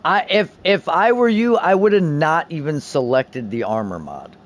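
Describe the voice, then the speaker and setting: A young man streaming a video game, chatting casually and excitably, swearing often and restarting his sentences. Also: on the high side, moderate pace. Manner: profane, excitable, many restarts.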